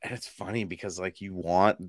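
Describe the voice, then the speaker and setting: A man with a fairly low voice co-hosts a casual podcast, chatting loosely and breaking into laughter as he tells stories. He is from Washington state, and his voice sounds close and dry, with little room behind it. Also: brisk, no room sound. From Washington state, USA. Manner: chatty, laughs often, animated storytelling. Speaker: podcast co-host.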